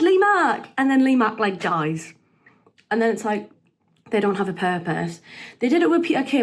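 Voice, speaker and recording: A young woman, a podcast regular, giving blunt, animated opinions in a casual chat. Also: mid-range voice, slight background noise.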